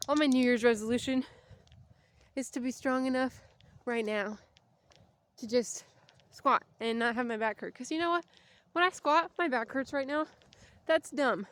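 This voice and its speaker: A woman's voice: fairly high pitch, fairly bright tone. Breathless rambling woman walking outdoors. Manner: chatty, rambling, tangents. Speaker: vlogger. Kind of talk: casual walking vlog.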